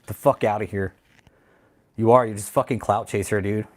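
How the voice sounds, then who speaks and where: A channel host starts his livestream casually, then slides into a heated, angry rant full of swearing and repeated phrases. His voice is lowish and fairly even in intonation, at a moderate pace.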